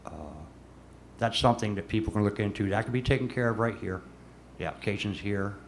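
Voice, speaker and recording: A man's voice: fairly low pitch, steady tone, fast, a little hiss or hum. A man serving as a city commissioner, pressing his points in a council meeting and often repeating words.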